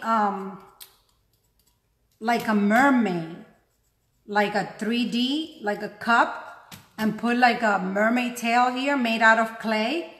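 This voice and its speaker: Chatty and self-deprecating, a craft tutorial host talks through a painting technique as she works, speaking slowly with frequent pauses. Her fairly high, slightly bright voice carries a non-native English accent, her first language being something other than English. The recording has a roomy sound.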